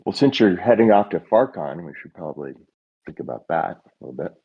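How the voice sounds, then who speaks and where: A man's voice: low-pitched, sing-song, fairly quick, slightly rough. A man speaking up in a casual work meeting on a video call, hesitant with many ums. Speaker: team member. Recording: dull lo-fi call audio.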